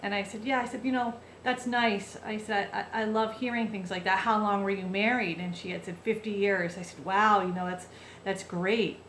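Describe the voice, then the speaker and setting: A woman's voice: medium pitch, steady tone, normal speed, a bit bright, reverberant, a little hiss or hum. A woman vlogger telling a heartfelt personal story in a chatty, casual way, full of fillers and restarts.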